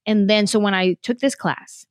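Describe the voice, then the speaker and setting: Woman from San Jose telling animated stories as a talk show guest, dry studio mic. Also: medium pitch, smooth, dry recording. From San Jose, California. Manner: animated, fast storyteller who acts out quotes. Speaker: comedian guest. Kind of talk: casual interview storytelling.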